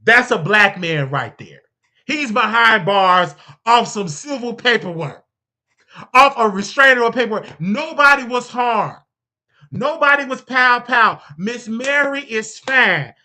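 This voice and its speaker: Male show host, bright voice, theatrical mock-outrage rant, stammers when heated. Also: very high voice, animated, a little slow. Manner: addresses a sidekick and the audience. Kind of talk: comedic commentary rant.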